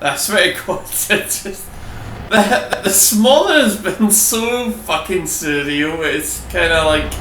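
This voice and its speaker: A Scottish man chats through his gameplay in a rambling, sweary way, at an easygoing pace. His voice sits fairly high and bright. He is picked up from a little way off the mic in an echoey room, with faint noise behind him. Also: takes it slowly. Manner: rambling, sweary, chatty asides. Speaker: gameplay commentator. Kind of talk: casual let's-play commentary.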